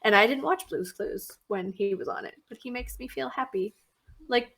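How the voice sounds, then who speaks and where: A woman co-hosting a casual podcast chat, playful and expressive. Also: on the high side, normal speed, vocal fry. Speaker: podcast co-host.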